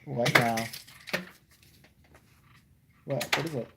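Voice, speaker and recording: A man's voice: mid-range voice, fairly even intonation, a little fast, creaky, heavy background noise. A man from Chicago in a profane, ranting comedic chat, full of slang. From Chicago, USA.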